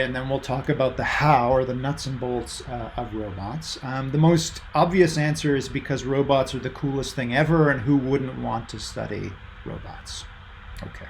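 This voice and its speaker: Gravelly-voiced man lecturing online. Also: mid-range voice, a little hiss or hum. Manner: casual, many fillers, reads out student chat answers. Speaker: university lecturer.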